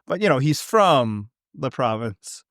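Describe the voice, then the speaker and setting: A Canadian man co-hosting a podcast in casual chat, rambling with quick asides and restarts. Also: mid-range voice, very animated, a bit bright, no echo, studio quality. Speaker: podcast co-host.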